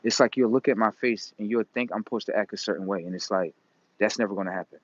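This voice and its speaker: A man's voice: fairly low pitch, fast talker. Emphatic, profane man, lo-fi. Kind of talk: casual monologue. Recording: dull lo-fi recording.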